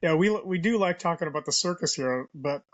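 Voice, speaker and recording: A man's voice: fairly high pitch, lively intonation, a little fast, muffled recording. A man co-hosting a podcast, chiming in with wry, laid-back remarks. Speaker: podcast co-host, retired Marine officer. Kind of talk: casual podcast conversation.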